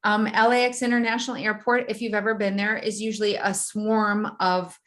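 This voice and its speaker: A woman guest in an interview, telling a personal story in a vivid, animated way and often laughing. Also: mid-range voice, a little fast.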